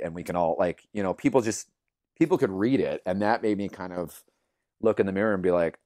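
Low-voiced man telling a personal story. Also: moderate pace, no echo, studio quality. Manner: earnest and animated, acts out quoted voices, many fillers. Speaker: guest, yoga teacher.

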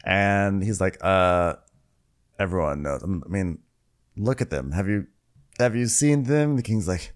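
A man's voice: low voice, unhurried. A man co-hosting a comedy podcast, retelling a TV episode in casual chat and quoting characters with mock drama. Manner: animated storyteller, mock-dramatic character quotes. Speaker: podcast co-host recapping a TV episode.

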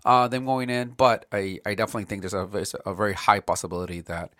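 A man co-hosting a podcast, chatting casually about politics and acting out quotes with animated voices. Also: on the low side, fast talker, no room sound, studio quality. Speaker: podcast co-host.

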